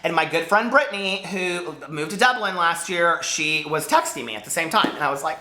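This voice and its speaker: A man's voice: on the high side, expressive, a little fast, few pauses, reverberant, noisy background. A man chatting casually to camera as a book vlogger, rambling and jumping between topics.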